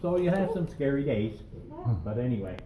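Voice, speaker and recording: A man's voice: mid-range voice, big pitch swings, normal speed, warm tone. An older man, a former coal miner guiding a mine tour and spinning joking stories, often checking in with "okay?" and "right?". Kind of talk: guided tour storytelling. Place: underground coal mine tunnel. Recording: echoey mine tunnel, distant mic, noisy.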